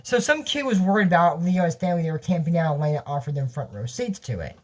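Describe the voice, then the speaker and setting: A man's voice: a little high, lively intonation, fast, darkish tone. A young man casually recapping a cartoon episode, rambling with restarts and laughing at his own jokes.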